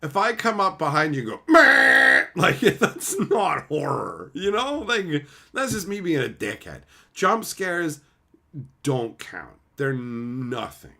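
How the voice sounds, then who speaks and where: A man streams casually, reading chat and ranting animatedly, swearing often and doing voiced impressions of others. His voice is fairly high and slow, with vocal fry.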